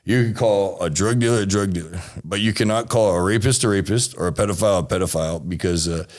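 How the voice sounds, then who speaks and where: Very deep-voiced man telling a rambling story. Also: fast, a little mellow. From Texas. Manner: rambling, restarts and swears. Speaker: interview guest. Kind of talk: casual storytelling interview.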